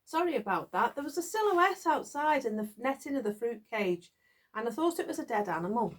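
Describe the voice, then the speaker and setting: Middle-aged UK woman, chatty craft vlogger, giggly and rambling, fairly high, very animated pitch. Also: brisk. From United Kingdom. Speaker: knitting vlogger. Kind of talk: casual chat to viewers. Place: garden shed.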